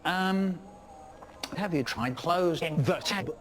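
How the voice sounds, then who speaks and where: A man's voice: fairly high pitch, slow, a little hiss or hum. A man acting a dry, sarcastic friend who answers a call in a comedy skit. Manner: flat, sarcastic replies.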